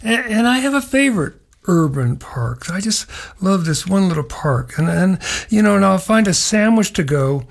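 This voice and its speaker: A man's voice: high-pitched, big pitch swings, normal speed, creaky. Middle-aged male host, folksy and meandering, chuckles through his own stories. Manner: rambling, folksy, chuckling asides. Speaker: radio show host. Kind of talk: casual spoken nature segment.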